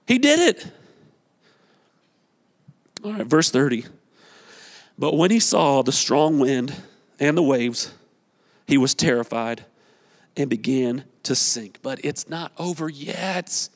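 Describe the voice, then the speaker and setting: Speaking in a mid-range voice, this pastor takes his time, leaving long pauses, yet his sermon is full of energy. He urges the congregation on, repeats phrases, and acts out quotations, with the church sanctuary's long hall reverb around him.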